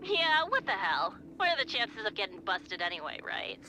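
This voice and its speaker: A woman's voice: mid-range voice, very animated, moderate pace, over music, lightly acted, rough recording. An actress playing a reluctant, laid-back young woman accomplice in a game, speaking in a casual drawl. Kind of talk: game voice acting.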